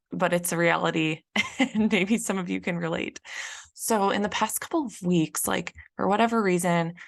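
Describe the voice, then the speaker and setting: A young woman talks through a casual solo podcast in a low, gravelly voice with a lot of vocal fry. She is chatty and loose, full of fillers and restarts. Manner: chatty, many fillers, acts out frustrated quotes. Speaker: podcast host and business coach.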